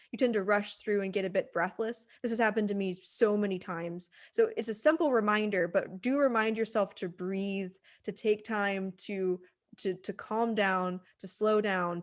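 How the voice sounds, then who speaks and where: A woman teaching presentation skills in a recorded lecture, conversational, with frequent fillers and restarts, speaking into a computer microphone. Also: medium pitch. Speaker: writing center instructor.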